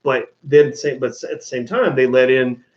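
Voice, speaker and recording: A man's voice: mid-range voice, normal speed. A middle-aged man giving a casual, emphatic monologue as a commentator, often restarting his sentences. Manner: animated, emphatic, frequent restarts. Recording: dull lo-fi sound.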